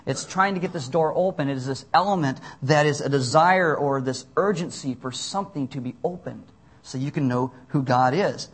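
A man's voice: fairly high pitch, breathy edge. A young adult man, a pastor, giving a conversational sermon, reading scripture aloud and adding casual asides.

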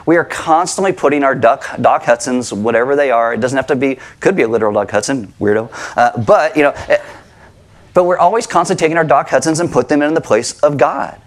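A middle-aged man preaching a sermon to his congregation, conversational and animated, asking rhetorical questions. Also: medium pitch, fairly quick. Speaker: pastor. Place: church sanctuary with congregation.

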